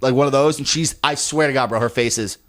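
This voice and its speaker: A man's voice: mid-range voice, fast talker. A young man co-hosting a comedy podcast, telling a story in casual chat, laughing often and acting out quotes. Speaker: podcast co-host.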